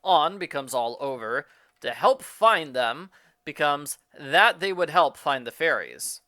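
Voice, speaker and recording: A man briskly reading out a matter-of-fact list of changes made to a book. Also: on the high side, animated, bright, forceful tone, dry recording, clean studio sound. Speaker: book reviewer listing edits.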